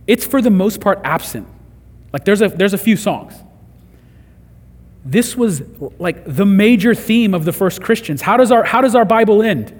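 Man, sermon, husky, slightly high voice, long hall echo. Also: expressive, moderate pace, long pauses. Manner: earnest, conversational preaching with rising emphasis. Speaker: pastor.

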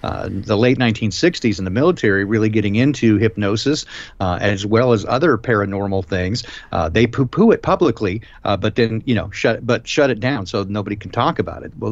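A man hosting a live stream discussion, talking in a rambling, emphatic way with many filler pauses. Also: lowish voice, no room sound. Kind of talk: casual discussion. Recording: dull lo-fi stream audio.

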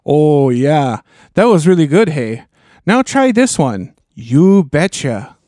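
A man's voice: on the high side, sing-song, warm tone, dry recording, clean studio sound, exaggerated voice. A man playing a folksy Midwestern man who teaches the locals how to cook and talk, drawn out and homespun. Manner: slow, drawn-out folksy delivery.

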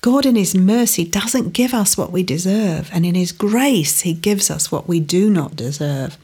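Earnest woman preaching, slightly breathy. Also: fairly low pitch, a little slow, mellow. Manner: earnest, emphatic Bible teaching with rising stresses. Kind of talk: sermon.

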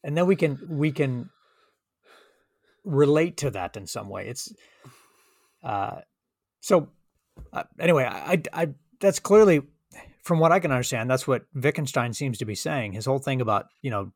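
A man's voice: mid-range voice, expressive, normal speed, dry recording, studio quality. A man co-hosting a philosophy podcast, speaking earnestly and with emphasis in casual discussion, often restarting his sentences. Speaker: podcast co-host.

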